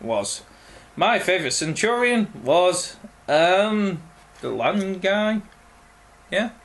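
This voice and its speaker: Slow, halting young man. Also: high voice, sing-song, a bit bright. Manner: slow, halting, many ums and pauses. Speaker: video creator answering viewer questions. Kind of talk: casual Q&A vlog.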